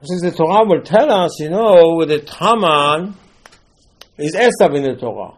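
A man delivers a sermon in slightly broken. His voice is husky. He swings from loud, emphatic lines to quiet asides. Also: fairly high pitch, expressive, a little slow, low-quality recording. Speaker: rabbi.

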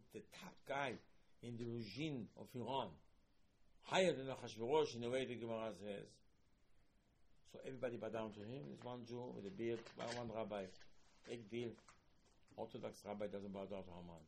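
A man teaching a Torah class, animated and rhetorical, asking questions and reciting passages quickly. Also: medium pitch, gravelly, slight background noise.

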